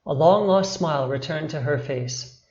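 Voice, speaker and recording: A man narrating a bedtime story in a slow, expressive, dramatic way. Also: fairly high pitch, reverberant, muffled recording.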